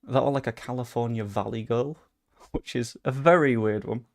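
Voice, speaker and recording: Young male streamer, gravelly tone, casual chatty gameplay commentary, excitable, swears. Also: mid-range voice, normal speed. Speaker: gaming streamer.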